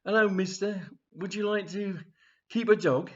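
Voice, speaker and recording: A man's voice: high voice, expressive, moderate pace, dull audio, voice pushed up. A man voicing an eager young charity collector who gets flustered. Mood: cheerful.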